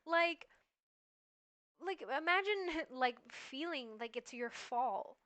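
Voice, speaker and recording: A woman streamer chatting casually in reaction to a video, rambling and animated with lots of "like". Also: sits high, takes it slowly. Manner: rambling and animated, heavy use of "like".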